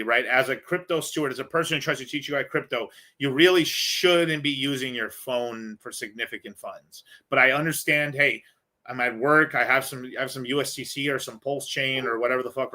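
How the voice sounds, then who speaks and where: Bright-voiced, blunt, swearing male host. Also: mid-range voice. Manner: profane, rambling, blunt. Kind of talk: casual livestream Q&A.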